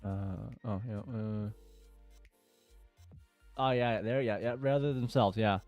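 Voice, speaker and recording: Smooth-voiced man reading posts casually. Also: on the low side, slow, no echo, narrow, tinny audio, soft background music. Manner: chatty, with frequent fillers and laughter. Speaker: YouTuber reading forum threads aloud.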